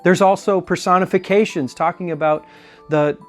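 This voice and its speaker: A man with a somewhat higher voice talks as a pastor giving a relaxed Bible study segment. He speaks conversationally, throws out rhetorical questions and restarts his phrases. Soft music plays faintly behind him. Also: normal speed. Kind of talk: informal Bible study talk. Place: church video segment.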